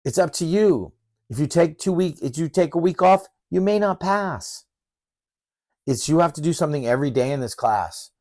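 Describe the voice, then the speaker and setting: A man's voice: on the high side, animated, normal speed, dark tone, dry recording, studio quality. A middle-aged man, a professor, introducing his course in a direct, emphatic, fired-up coaching manner.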